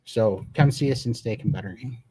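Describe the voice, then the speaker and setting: An earnest, emphatic man from Montana hosts a live Q&A and talks like he is telling a story. His voice sits at a middle pitch, and the sound is dry and close. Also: a little fast, mellow, slightly rough, no room sound. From Montana, USA. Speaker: host. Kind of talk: live Q&A chat.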